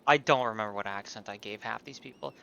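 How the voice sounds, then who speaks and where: A man giving sweary, animated gameplay commentary with laughing asides. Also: fairly low pitch, fast talker, creaky, lo-fi sound, noisy background. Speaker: let's play streamer.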